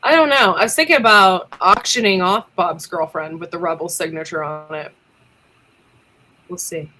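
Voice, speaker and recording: A woman chatting casually on a livestream, laughing often and filling pauses with ums. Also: on the low side, sharp tone. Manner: giggly, chatty, lots of ums. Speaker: livestream co-host.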